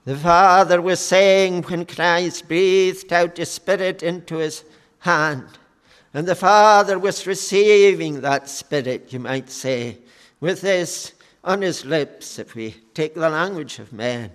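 A man preaching a sermon in a slow, measured way, with frequent fillers. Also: sits high, a bit bright, clear, resonant tone, in a large hall.

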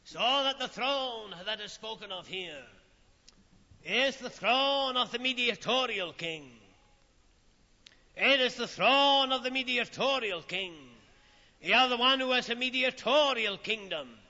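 Slow, solemn male preacher in a hall. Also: very high voice, lively intonation, pushed and bright. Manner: slow, solemn preaching with dramatic pauses and falling phrases. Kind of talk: sermon. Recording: old lo-fi recording in a reverberant hall.

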